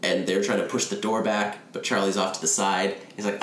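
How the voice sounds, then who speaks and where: A man's voice: low voice, brisk, slight background noise. A man casually recapping a movie, retelling scenes and mimicking the characters' lines. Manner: animated retelling, acts out quotes in a raised voice. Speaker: film podcast co-host. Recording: echoey room, faint ambience.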